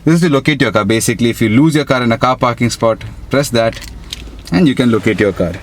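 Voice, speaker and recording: A man's voice: mid-range voice, quick pace. A young man gives a casual, upbeat car review, talking straight to viewers as he walks around a showroom and a lot outside. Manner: chatty, upbeat, addresses viewers as guys. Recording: noisy street and car ambience.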